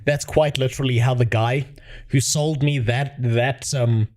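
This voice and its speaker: A man's voice: medium pitch, steady tone, measured pace, a little mellow. A man chatting casually on a livestream, profane and rambling, talking to his viewers. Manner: profane, rambling, laughs often. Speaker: streamer.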